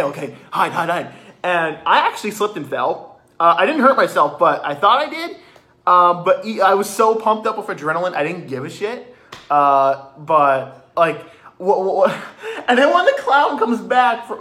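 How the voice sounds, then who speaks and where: Excitable high-voiced young man. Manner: excitable, swearing, animated retelling with restarts. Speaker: vlogger reviewing a haunted attraction. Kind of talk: excited casual review.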